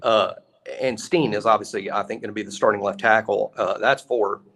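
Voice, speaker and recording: Low-voiced man in animated sports talk. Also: brisk. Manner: animated, emphatic repetition. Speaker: co-host.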